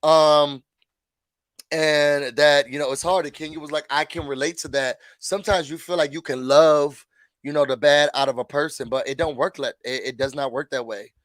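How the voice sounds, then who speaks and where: High-voiced man recapping chattily. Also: moderate pace, dry recording. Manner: chatty, animated, acts out quotes. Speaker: reality TV recap vlogger. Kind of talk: casual show recap.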